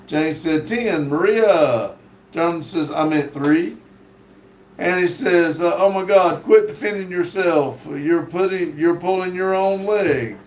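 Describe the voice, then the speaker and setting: A man's voice: high-pitched, slight background noise. A man hosting a live stream, reading viewer comments aloud and stopping often on fillers. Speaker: livestream host. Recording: echoey room.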